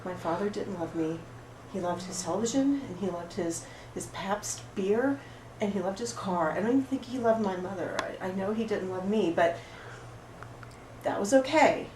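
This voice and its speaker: A woman's voice: mid-range voice, lively intonation, normal speed, close to an everyday voice. Woman playing an oversensitive, rambling support-group member. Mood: wounded. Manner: rambling, apologetic, emotionally raw. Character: oversensitive, apologetic woman pouring out her woes. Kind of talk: improvised film monologue. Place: roomy studio space. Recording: echoey room, far mic, background noise.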